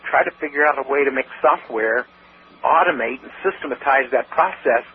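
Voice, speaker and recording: A man's voice: mid-range voice, normal speed. A man telling a story as an interview guest, talking with animation and acting out what other people said. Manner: animated storyteller who acts out quoted speech. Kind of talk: phone-in storytelling. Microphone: telephone. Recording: tinny phone line with faint hiss.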